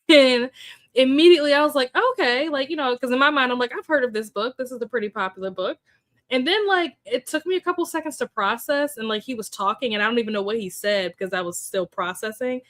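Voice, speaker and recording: A young woman hosting a relaxed livestream, chatting casually, greeting viewers by name and laughing often. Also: a little high, fast, no echo, clean studio sound. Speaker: livestream host. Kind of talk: casual chat with live chat readers.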